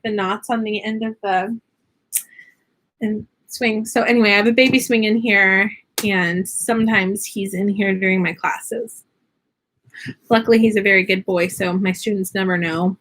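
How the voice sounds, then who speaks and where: A young woman, an online English teacher, chatting casually from her home classroom in an animated way. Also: fairly high pitch. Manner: animated, switches into playful sing-song teaching voices. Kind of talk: casual chat.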